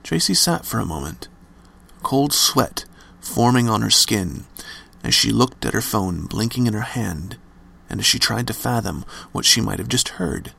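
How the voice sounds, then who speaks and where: A man's voice: lowish voice, expressive, moderate pace, gravelly, bright, forceful tone, husky. A man narrating a scripted horror story with dramatic, varied emphasis.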